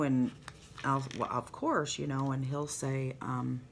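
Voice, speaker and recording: A woman's voice: a bass voice, flat delivery, takes it slowly, creaky, slight background noise. An older woman, a grandmother, chatting in a rambling, heartfelt way on her planner vlog while she decorates pages. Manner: rambling, heartfelt, trails off into asides. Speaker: planner vlogger.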